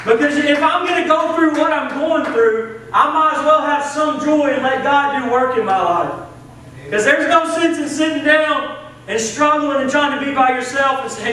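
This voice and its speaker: A man's voice: very high-pitched, moderate pace, bright, forceful tone. A young man with a Southern US accent, preaching a sermon as assistant pastor in an earnest, conversational way. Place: church sanctuary. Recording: echoey church from a distance, faint hiss.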